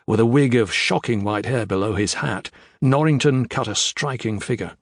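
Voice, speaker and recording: A man reading a children's adventure audiobook in measured, expressive narration. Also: medium pitch, no echo, clean studio sound. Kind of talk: scripted narration.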